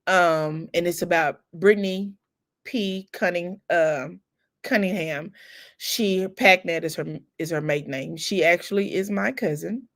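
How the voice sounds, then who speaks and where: A middle-aged woman hosting a casual livestream chat, telling family stories in a warm chatty way, close to tears. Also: fairly low pitch, unhurried. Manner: chatty storytelling with laughs and Southern "y'all". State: near tears. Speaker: livestream host. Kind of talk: casual chat with live viewers.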